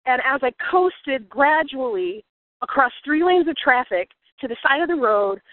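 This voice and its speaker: Earnest woman speaker, reflective storyteller turned life coach, fairly high voice, tinny phone-line sound. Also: animated, unhurried, no room sound. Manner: earnest, reflective, grows emotional. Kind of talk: personal story with motivational lesson.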